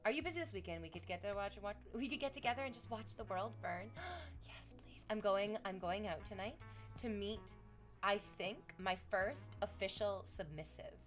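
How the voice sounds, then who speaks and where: A woman's voice: medium pitch, a little fast, soft background music. A young woman streaming from Canada, chatting with viewers in a rambling, sarcastic and profane way. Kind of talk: casual stream chat.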